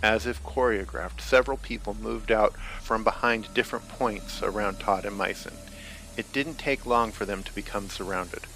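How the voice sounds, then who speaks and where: A man narrating a horror story in a steady, measured reading. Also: fairly low pitch, gravelly, slight background noise. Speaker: author reading. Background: music.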